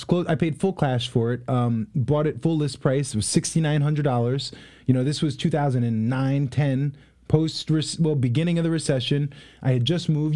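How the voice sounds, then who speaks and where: A man in his twenties, a guest in a casual interview, telling stories in an animated way with many fillers. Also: medium pitch. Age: 20s. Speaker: guest, real estate investor.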